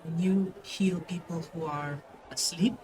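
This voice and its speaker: Guy doing a little scared kid in a beak mask, high squeaky voice, keeps stumbling over words. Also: fairly even intonation, unhurried, darkish tone, slight background noise, close to an everyday voice, rough recording. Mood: pleading. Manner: hesitant, stammering, pleading. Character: small timid boy in a beak mask.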